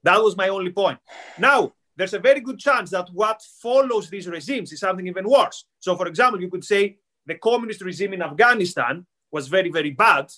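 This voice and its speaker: High-voiced man explaining insistently. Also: animated, fairly quick, bright, forceful tone. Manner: insistent, explanatory, hesitant with fillers. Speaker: podcast co-host. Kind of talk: casual political debate.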